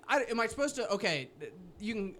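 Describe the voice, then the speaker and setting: Male comic guest, high-pitched, rambling self-deprecating storyteller. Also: expressive, brisk, fairly bright tone, a little hiss or hum. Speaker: guest stand-up comedian. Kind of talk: casual podcast chat.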